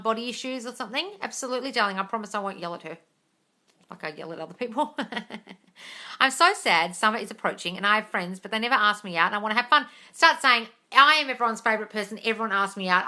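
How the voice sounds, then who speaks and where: Brassy, bright-voiced woman live-streaming. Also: medium pitch. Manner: blunt, brassy, swears freely, calls viewers darling. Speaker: host of a manifesting Q&A live stream. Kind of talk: casual live chat reading viewer questions. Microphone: phone mic on a live stream.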